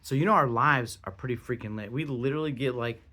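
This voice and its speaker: A young man hosting his own podcast, talking casually in an excitable, rambling way with lots of swearing and restarts. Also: medium pitch, fast. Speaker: podcast host. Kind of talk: casual solo podcast monologue.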